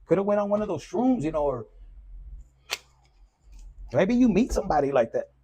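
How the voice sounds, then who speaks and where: A man's voice: sits high, very animated, normal speed, warm tone, a little hiss or hum. A man giving a loose, profane, casual collective tarot reading. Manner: loose and profane, with Spanish slang mixed in. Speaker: tarot reader.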